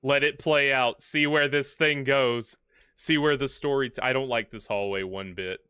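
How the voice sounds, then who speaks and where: A man livestreaming a horror game, talking in a loose, jokey way and coaxing the characters on screen. His voice is bright and smooth. The sound is close and dry, with no room around it. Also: medium pitch, moderate pace, no room sound. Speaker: gaming livestream host. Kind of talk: casual live commentary.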